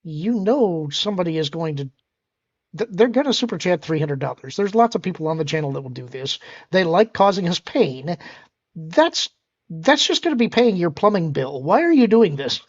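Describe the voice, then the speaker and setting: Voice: mid-range voice, big pitch swings, moderate pace, dull audio. A co-host teasing the host in casual live-stream chat. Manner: teasing, dry.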